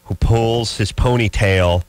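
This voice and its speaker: A man's voice: on the low side, slow pace, no room sound. A man co-hosting a late-night call-in radio show, joking in a wry, offhand way.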